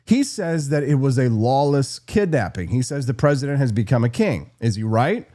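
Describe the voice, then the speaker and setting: A man hosting a live political talk show, brash and quick, reacting to chat and plugging sponsors. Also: mid-range voice, expressive, dark tone. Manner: brash, fast-talking, reads live chat. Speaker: host.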